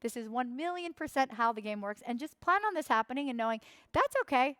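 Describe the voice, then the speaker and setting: A young woman leads a coaching workshop in a fairly high voice. She drives her points home by repeating phrases and slipping into quoted voices. The sound is close and dry. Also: lively intonation, fast talker, a bit bright, dry recording. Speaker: workshop instructor.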